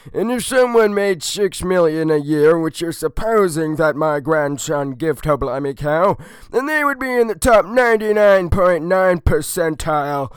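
A man's voice: high-pitched, smooth, no room sound. A young man voicing a fussy, scolding old grandfather full of old-fashioned exclamations.

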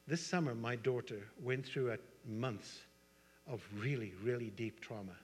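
A man's voice: medium pitch, unhurried, breathy edge. A middle-aged man with a South African accent preaching a sermon, conversational, with asides and rhetorical questions to the congregation. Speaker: pastor. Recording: long hall reverb.

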